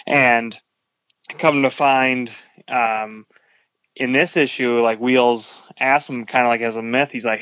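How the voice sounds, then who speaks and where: A man's voice: mid-range voice, fairly even intonation, slow pace, fairly bright tone, no echo. A man co-hosting a comics podcast in casual chat, rambling with lots of "like" as he retells scenes. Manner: rambling, full of "like", retells scenes with quoted lines. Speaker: podcast co-host. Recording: dull lo-fi podcast audio.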